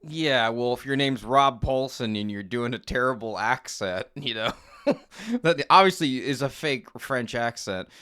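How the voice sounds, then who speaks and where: A man's voice: mid-range voice, unhurried, pushed and bright, smooth. A man co-hosting a podcast, chatting casually about an old cartoon in a rambling way and laughing often. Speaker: podcast co-host. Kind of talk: casual chat reviewing a cartoon.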